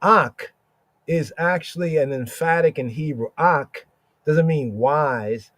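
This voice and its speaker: A man teaching scripture on a casual podcast. He checks in with "right?" again and again and draws out Hebrew words slowly. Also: a little high, a bit bright, no echo. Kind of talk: informal scripture study podcast.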